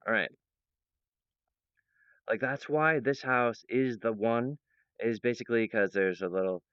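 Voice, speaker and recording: A man speaks to his audience in a wandering, earnest monologue, full of fillers and restarts. His voice is smooth and resonant at an ordinary pitch. The recording is dry and somewhat dull. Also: fairly bright tone, no echo. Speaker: presenter of his own project. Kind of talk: rambling monologue to viewers.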